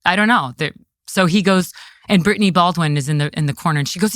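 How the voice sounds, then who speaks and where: A woman's voice: lowish voice, fast talker, no room sound, clean studio sound. A woman guest in an interview, telling a story with emphasis and often saying "like" and "I go" as she retells a confrontation. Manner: acts out others' lines in her retelling, emphatic; frequent "like" and "I go" in speech.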